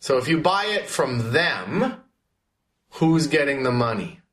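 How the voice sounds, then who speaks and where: A man's voice: medium pitch, very animated, slow pace, fairly bright tone. A man teaching a class, asking questions and calling on students by name. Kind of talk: classroom history lesson.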